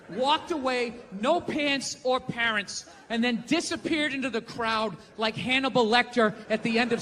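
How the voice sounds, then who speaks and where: A male stand-up comedian, profane and ranting, shouting his punchlines during a live routine. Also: very high voice. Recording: live theater with long reverb and faint ambience.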